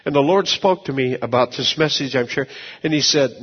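A man preaching a sermon as pastor, telling folksy stories, repeating words and swinging from low asides to shouted peaks. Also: moderate pace, slightly rough, long reverb tail, dull audio.

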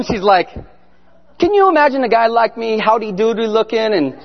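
A man giving an animated testimony sermon as a guest speaker, telling his story and sometimes shouting prayers. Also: sits high, normal speed. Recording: echoey hall, muffled sound.

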